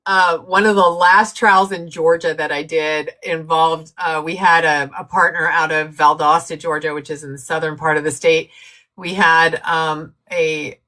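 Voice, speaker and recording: A woman's voice: deep voice, steady tone, pushed and bright. A woman co-hosting a casual live-stream chat, telling anecdotes and laughing often. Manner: storytelling, laughs often, quick asides to the chat. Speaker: co-host.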